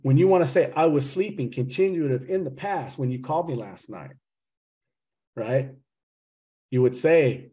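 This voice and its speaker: A man teaching a language class over a video call, with a fairly high voice. He teases his students, calls them "guys," and breaks up grammar points with jokes. The sound comes through a home computer mic. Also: animated, a little slow, pauses often, darkish tone. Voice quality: teasing, joking, addresses the class as "guys".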